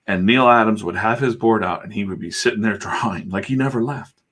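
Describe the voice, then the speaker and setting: A man's voice: on the low side, fairly quick, fairly bright tone. A middle-aged man, a comic artist, chatting in a rambling, irreverent way on a livestream while he works, swearing freely. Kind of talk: casual livestream chat.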